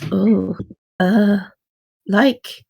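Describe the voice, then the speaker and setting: Giggly woman player, slow-talking. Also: mid-range voice, steady tone, vocal fry, mellow. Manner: giggly, unsure about the rules. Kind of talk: casual tabletop game play.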